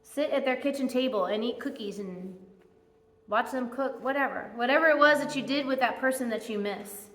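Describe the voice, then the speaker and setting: A woman preaching to her church in an earnest, conversational way, her voice bright and a little high. The sound rings out through a reverberant church sanctuary. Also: normal speed. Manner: earnest, conversational preaching with heartfelt spoken prayers. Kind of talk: sermon. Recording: echoey church hall.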